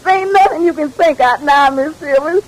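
An actress playing a frightened, crying housemaid who pleads anxiously in a 1940s radio drama. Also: female voice, very high-pitched, expressive, normal speed, slight background noise, poor audio. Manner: pleading, dialect speech.

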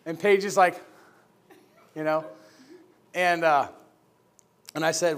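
A man preaching in a church, telling his personal story in an animated, laughing storytelling manner. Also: on the high side, slow, long pauses. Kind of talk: sermon testimony.

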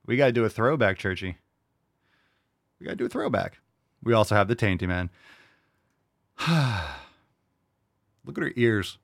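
A man's voice: fairly low pitch, animated, normal speed, creaky, pauses often, dry recording, clean studio sound. A man hosting a podcast, playful and teasing, cooing at his dog between bits. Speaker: podcast host. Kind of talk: casual chat.

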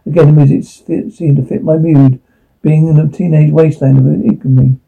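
A man's voice: on the high side, steady tone, brisk, gravelly, husky. A man telling a rueful first-person story from his youth, self-deprecating in tone. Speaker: narrator. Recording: tinny phone-like line.

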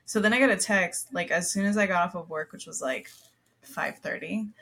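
A woman's voice: lowish voice, brisk, vocal fry, fairly bright tone, slightly rough. A young woman co-hosting a podcast, telling stories in casual chat with lots of fillers and frequent laughter. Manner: chatty storyteller, laughs often, many fillers. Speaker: podcast co-host.

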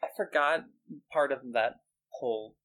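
A man's voice: mid-range voice, measured pace, fairly bright tone, low-quality recording. A man co-hosting a podcast, rambling casually with lots of fillers and the odd swear. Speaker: podcast co-host. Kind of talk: casual chat reviewing a cartoon.

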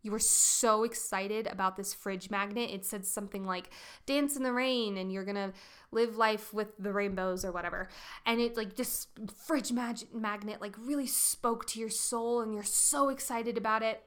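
A woman hosting a solo podcast as a coach, talking in an emphatic, animated way with playful demonstrations of tone. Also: mid-range voice, normal speed, clear, resonant tone.

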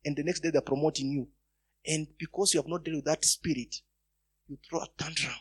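A man's voice: on the high side, steady tone, brisk, slightly rough. A man preaching a sermon, telling personal stories and breaking into emphatic bursts. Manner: storytelling, rising to emphatic bursts.

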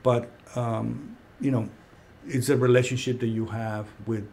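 A man hosting a casual talk, telling a personal story in a conference room, lively when he quotes other people. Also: medium pitch, measured pace, gravelly, slight background noise. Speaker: podcast host. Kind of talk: casual conversation. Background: heater running.

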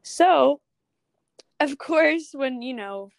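A young woman, a guest photographer, talking casually in an interview, chatty with quick asides and restarts. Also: high voice, expressive, gravelly, no room sound.

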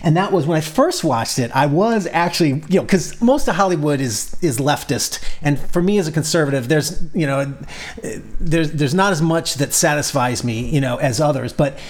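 A man talking through his thoughts in a casual discussion, halting and full of restarts and fillers. His voice sits slightly high. He repeats words as he works toward his point. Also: animated.

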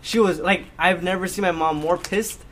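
A man's voice: high-pitched, moderate pace, slight background noise. A young man telling a story in casual podcast chat, acting out the quoted lines. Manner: animated, acts out quoted lines. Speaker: podcast host.

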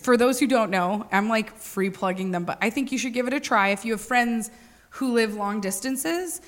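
A woman's voice: on the high side, normal speed. Chatty young woman co-hosting a podcast. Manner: chatty, laughs often, swears casually. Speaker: podcast co-host. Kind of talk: casual chat.

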